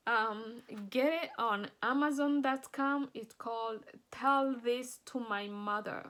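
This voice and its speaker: A woman speaks slowly and deliberately in a fairly high voice, giving an earnest, emotional personal testimony. She is an author talking to her audience about her books and stresses her words with feeling. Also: a bit bright.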